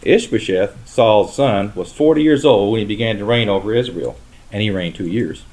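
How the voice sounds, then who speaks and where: A man leading a Bible study, reading scripture aloud with slow, emphatic stresses and asking his listeners questions before answering them himself. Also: lowish voice, darkish tone. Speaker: Bible teacher.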